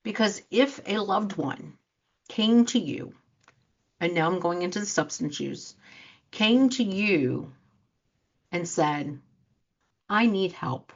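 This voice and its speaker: A woman's voice: medium pitch, takes it slowly, pauses often. Earnest woman coach, lo-fi sound. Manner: earnest, animated, acts out quoted reactions. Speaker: life coach and show host. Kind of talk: motivational talk to listeners. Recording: dull lo-fi sound.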